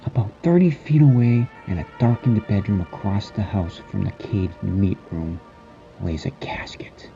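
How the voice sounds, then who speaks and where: Slow, gravelly-voiced man narrating horror. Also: fairly low pitch, lo-fi sound, music in the background.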